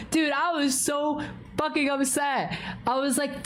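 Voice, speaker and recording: A woman livestreamer chatting casually with her viewers, swearing constantly and telling a story with big swings in pitch. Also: little pitch movement, a little slow, slight background noise. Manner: greets chat viewers by name.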